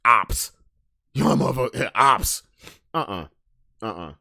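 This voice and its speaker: A man hosting a podcast, ranting casually, swinging from loud emphasis to low mutters. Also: lively intonation, takes it slowly, vocal fry, no echo, clean studio sound. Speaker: podcast host. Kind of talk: casual monologue rant.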